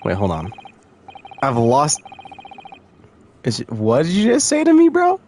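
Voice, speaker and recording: A man's voice: medium pitch, huge pitch swings, unhurried, darkish tone, slight background noise. A man chatting casually while streaming a game, jokey, self-mocking and swearing.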